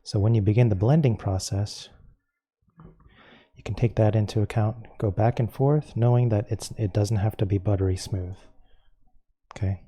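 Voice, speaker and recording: Male painting instructor, low-pitched and deeply mellow, calm step-by-step demo voice. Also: husky. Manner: calm and unhurried, explaining each step as he works.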